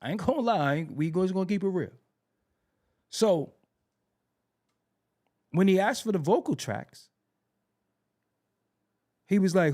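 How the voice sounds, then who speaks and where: A man hosting a podcast, telling music history stories in a casual, animated way and repeating himself for emphasis. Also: high-pitched, a little slow, long pauses. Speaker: podcast host.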